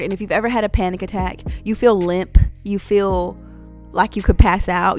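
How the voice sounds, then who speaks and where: A woman's voice: mid-range voice, steady tone, brisk, faint music behind. A woman telling her own story to viewers in an earnest, preachy vlog, speaking to them directly. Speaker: Christian vlogger. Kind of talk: personal testimony vlog.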